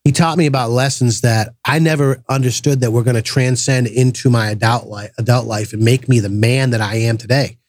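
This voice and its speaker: Speaking fairly quickly with few pauses, this middle-aged podcast guest from Massachusetts has a mid-range voice. He shares personal stories in a relaxed conversation, bringing them to life by performing the voices of those he quotes.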